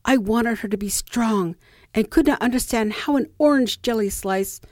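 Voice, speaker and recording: A woman's voice: on the high side, moderate pace, darkish tone, no echo, clean studio sound. A middle-aged woman reads a personal story aloud in a reflective way and acts out the people she quotes. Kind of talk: personal essay reading.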